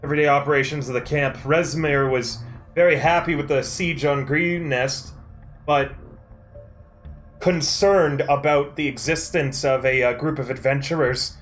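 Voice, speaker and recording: A man narrating a tabletop game as dungeon master, calm and measured with frequent fillers. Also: a little high, soft background music.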